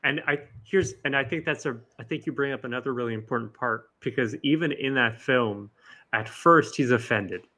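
A man's voice: medium pitch, normal speed, pushed and bright. A man in casual conversation, joining in and retelling a story with acted quotes. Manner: conversational, acts out quotes with swearing. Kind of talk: casual podcast chat about films.

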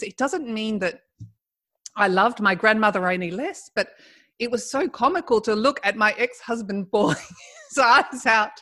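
A woman's voice: fairly high pitch, moderate pace. Laughing middle-aged woman telling a story. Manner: animated, laughs while telling. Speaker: guest. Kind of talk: storytelling in casual conversation.

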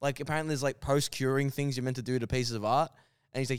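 A man's voice: medium pitch, steady tone, smooth, no echo. Teasing young man, dry sound. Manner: teasing, retells with quick mimicry, laughs. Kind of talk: casual chat.

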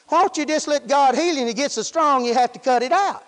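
Man, preacher, very high voice, folksy sermon, long hall reverb. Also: quick pace, hardly any pauses. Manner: folksy preaching with rural grammar and repeated praise interjections.

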